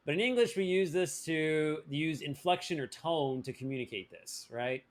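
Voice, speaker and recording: A man's voice: fairly high pitch, normal speed, hardly any pauses. A man teaching a language lesson on a live stream, playful and joking, with many fillers and restarts.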